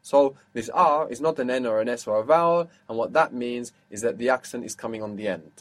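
A man's voice: medium pitch, fairly quick. Patient male language teacher. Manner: patient, explains step by step and quizzes the student. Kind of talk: one-on-one language lesson.

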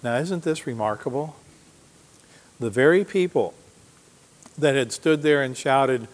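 A man's voice: medium pitch, unhurried, pauses often, long reverb tail. A man preaching a sermon, reading scripture aloud with emphasis and asking the congregation questions. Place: church sanctuary.

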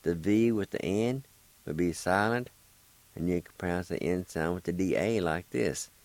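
A language teacher hosting a radio lesson speaks in a low, darkish voice at normal speed, patiently spelling each word letter by letter, repeating it, and encouraging listeners. The audio is rough, with no room sound.

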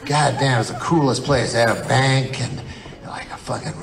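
A man's voice: mid-range voice, moderate pace, gravelly, rough recording. A man doing stand-up comedy, telling rambling, profane stories in a loose conversational way. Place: live comedy venue with audience. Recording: live stand-up with crowd laughter. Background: audience laughter.

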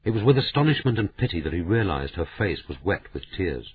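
A man reading a novel aloud in measured, somber scripted narration. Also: sits low, sing-song, breathy edge. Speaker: audiobook narrator. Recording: narrow, phone-like audiobook sound.

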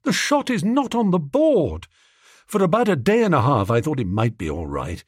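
A man voicing a lovesick young gentleman who talks earnestly and anxiously. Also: fairly high pitch, huge pitch swings, moderate pace, husky, dry recording, clean studio sound, voice pushed up, full character voice. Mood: fretful. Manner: earnest, fretful, pleading.

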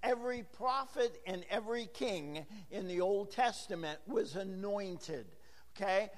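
A hoarse, gravelly-voiced man preaching a verse-by-verse sermon as pastor, chatting with jokes to the congregation in a church. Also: high voice, measured pace, long reverb tail. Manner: chatty, joking asides to the congregation. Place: church sanctuary.

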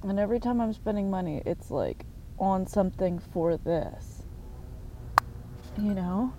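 Woman, slow sarcastic rant, outdoors with traffic noise behind. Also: medium pitch, animated, mellow. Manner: sarcastic, swearing, rhetorical questions. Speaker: vlogger. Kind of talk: angry profane rant to camera.

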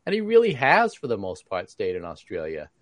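Lively low-voiced man chatting. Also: brisk, a loud crowd. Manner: animated, with many restarts. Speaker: podcast co-host. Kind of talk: casual chat.

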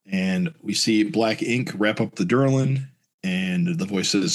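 A man's voice: low-pitched, measured pace. A man co-hosting a podcast, recapping a comic book and acting out the characters' lines in raised voices. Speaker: podcast co-host reading a comic aloud.

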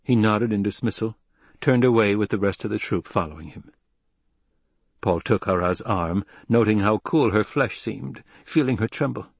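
Narrateur au timbre grave et sec. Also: male voice, on the low side, moderate pace, creaky, slightly rough, no echo. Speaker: audiobook narrator. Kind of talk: scripted narration.

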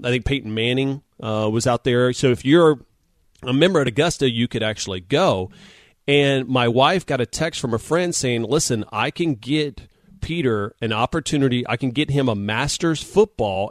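A man co-hosting a sports talk show over a video call, telling stories in a lively way and acting out the quotes. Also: mid-range voice, normal speed, no room sound. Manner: animated storyteller, acts out quotes. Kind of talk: casual storytelling chat.

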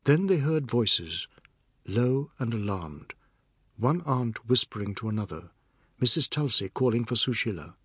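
A man narrating a novel in a measured, steady storytelling manner. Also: medium pitch, husky, dry recording, studio quality. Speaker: audiobook narrator. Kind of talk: scripted narration.

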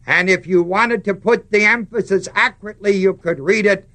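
A man preaching a sermon, stressing words slowly and putting questions to the congregation. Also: high voice, pushed and bright.

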